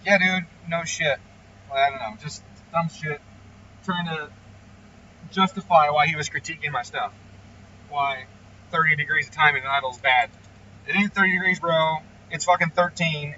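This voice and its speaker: A man with a bright, forceful voice rants bluntly and swears freely while explaining engine tuning. His voice sits a touch high for a man. He sounds slightly off the mic, muffled, with car noise under him. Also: far from the mic. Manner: profane, ranting, blunt. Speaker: engine tuner. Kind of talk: casual explanatory vlog talk.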